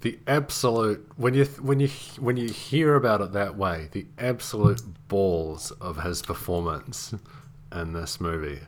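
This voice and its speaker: A man's voice: fairly low pitch, unhurried. A man co-hosting a podcast, chatting easily about films, often agreeing and restarting his sentences. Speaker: podcast co-host. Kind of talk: casual movie chat.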